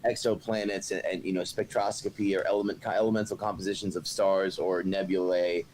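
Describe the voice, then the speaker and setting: A man's voice: low voice, flat delivery, fairly quick, darkish tone, a little hiss or hum, poor audio. A man on a casual panel, explaining things in detail in a knowledgeable way. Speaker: panel guest.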